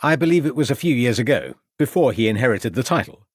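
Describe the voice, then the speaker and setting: A man's voice: mid-range voice, animated, fast talker, breathy edge, no room sound, studio quality, voice pushed up. A man voicing a polite, formal and persuasive male police inspector.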